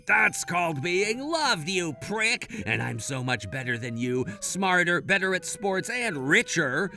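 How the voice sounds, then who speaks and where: A man's voice: high-pitched, very animated, unhurried, creaky, sharp tone, heavily acted. A man voicing a spiteful, gloating young man who mocks his old classmate, over faint music. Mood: sneering. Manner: sneering, mocking.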